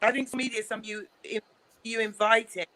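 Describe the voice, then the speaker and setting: A woman's voice: fairly high pitch, level tone, fast, sharp tone, low-quality recording. A woman comedian on a virtual panel over a video call, speaking in a blunt, matter-of-fact way.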